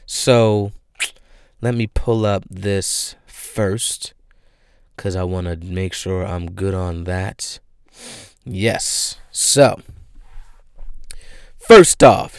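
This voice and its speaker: A young man hosting a podcast, telling stories in a profane, animated monologue and laughing often. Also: lowish voice, clean tone, dry recording, studio quality. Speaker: podcast host. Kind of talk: casual comedic monologue.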